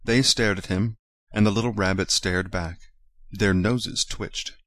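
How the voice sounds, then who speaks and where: Low-voiced man reading a storybook. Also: steady tone, a little slow, a bit bright, no room sound, clean studio sound. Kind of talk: storybook read-aloud.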